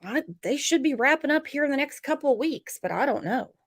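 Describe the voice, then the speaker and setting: A woman's voice: high-pitched, fairly quick. A woman hosting a true crime livestream, chatting casually with a guest and reading out viewer comments. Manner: animated, reads out viewer comments.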